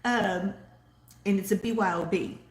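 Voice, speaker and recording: Southern-accented woman, chatty live-stream host, somewhat low voice, in a roomy echo. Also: a little slow, vocal fry. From Texas. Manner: chatty and rambling, reads viewer comments aloud. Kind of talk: casual live-stream chat.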